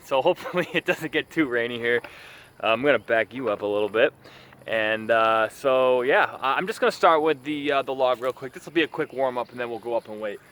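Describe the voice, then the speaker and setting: A man talking casually to a camera in an outdoor backyard gym, rambling and self-deprecating about his homemade workout gear. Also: medium pitch. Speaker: home workout vlogger.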